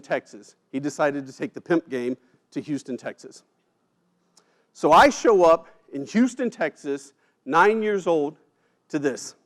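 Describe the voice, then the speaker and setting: A man giving a personal storytelling speech at an event, emotional, with dramatic pauses and quiet drops at heavy moments. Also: fairly high pitch. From United States. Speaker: keynote speaker. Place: event stage.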